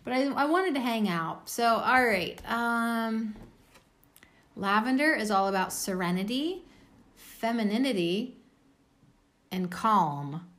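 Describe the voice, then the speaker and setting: A woman's voice: a little high, animated, slow, long pauses, fairly bright tone. A tired woman giving a casual oracle card reading, blunt and self-mocking, with the odd swear.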